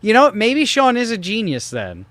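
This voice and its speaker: A chatty woman hosts a podcast recap, her pitch swinging up and down as she talks. She laughs easily and leans on fillers, and the dry sound keeps her close to the listener. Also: wildly swooping pitch, moderate pace, a bit bright, no room sound. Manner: chatty, giggly, filler-heavy. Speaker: podcast host recapping clips. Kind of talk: casual chat.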